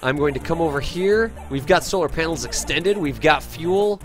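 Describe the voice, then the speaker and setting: Upbeat male streamer, higher voice, friendly gameplay talk over faint music. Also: expressive, normal speed. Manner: upbeat and chatty, thanks viewers, calls people dude. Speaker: game streamer. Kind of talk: live gameplay commentary, reading chat.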